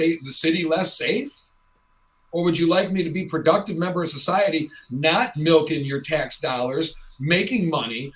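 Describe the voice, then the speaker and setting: A woman's voice: low voice, low-quality recording. Transgender woman, talk-show host, blunt and fired up, lots of rhetorical questions. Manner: frank, animated, argues with rhetorical questions. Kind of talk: casual talk-show chat.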